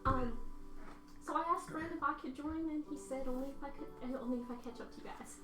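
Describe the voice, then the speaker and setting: A woman's voice: sits high, quick pace, natural voice. A woman voicing an eager young water genasi girl wizard in a put-on British accent, bubbly and a bit flustered. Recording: roomy, far from mic, music.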